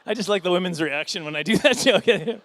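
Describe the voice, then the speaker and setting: In a high, animated, slightly bright voice, a middle-aged man works the room at a fundraising dinner with stand-up comedy. It's a rambling, self-deprecating set full of quick asides and chuckles.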